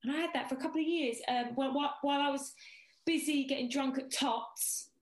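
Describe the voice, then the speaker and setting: Higher-voiced woman in echoey room. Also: quick pace. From Essex, England. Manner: animated storytelling, casual swearing. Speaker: guest. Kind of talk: casual chat.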